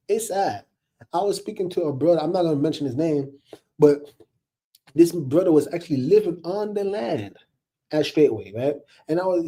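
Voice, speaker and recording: Casual male commentator, animated, husky and dark-toned, preaching to his viewers. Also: on the high side. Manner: animated, addresses listeners as y'all, laughs often. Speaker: online commentator.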